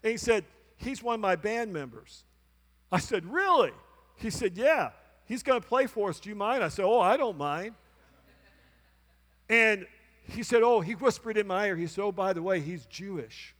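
A man's voice: high-pitched, expressive, moderate pace, long pauses, fairly bright tone, long reverb tail. A male pastor preaching a sermon, telling a story and acting out both sides of a conversation, calling out to the congregation. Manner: calls out to the congregation. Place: church sanctuary.

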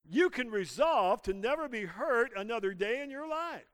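High-voiced preaching pastor, man. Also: expressive, normal speed, few pauses, fairly bright tone, no room sound. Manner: preaching with call-and-response to the congregation. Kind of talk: sermon. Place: church.

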